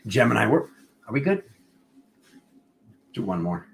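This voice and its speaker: A man's voice: on the low side, sing-song, measured pace, vocal fry, a little hiss or hum. A man giving a casual, playful tarot reading, rambling between jokes and card meanings. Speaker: tarot reader.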